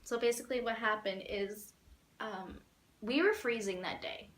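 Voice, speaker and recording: Speaking at a moderate pace in a slightly high voice, a young woman vlogger rambles animatedly through a lengthy fan story, laughing and saying "like" a lot while acting out quotes. The sound is roomy.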